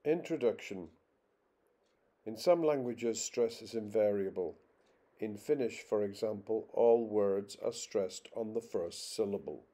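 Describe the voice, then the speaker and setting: A man narrating a scripted phonetics lesson, reading example words one at a time in a slow, deliberate way. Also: on the low side, dark tone. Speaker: teacher.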